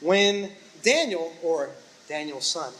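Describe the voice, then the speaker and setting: A man's voice: on the high side, expressive, slow, fairly bright tone, slight background noise. A male pastor preaching a sermon, telling a story with acted-out quotes and punchy sound effects.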